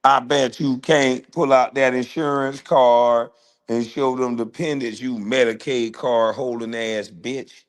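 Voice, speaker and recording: A man, ranting in a loud, taunting roast, firing repeated questions and laughing often. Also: mid-range voice, steady tone, unhurried. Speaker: host. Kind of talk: roast rant.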